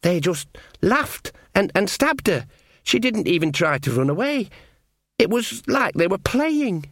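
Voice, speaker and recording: A man's voice: high voice, sing-song, measured pace, a bit bright, dry recording, studio quality, pitched above the performer's own voice, full character voice. A man voicing a nervous young boy at a castle, timid and stammering, in a comic fantasy audiobook. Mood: anxious.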